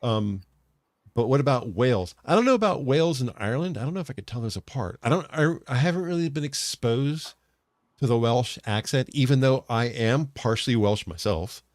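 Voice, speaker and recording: A man's voice: medium pitch, expressive, fairly quick, dry recording, studio quality. An American man co-hosting a casual podcast chat. He rambles, often correcting himself and restarting his sentences. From United States. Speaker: podcast co-host.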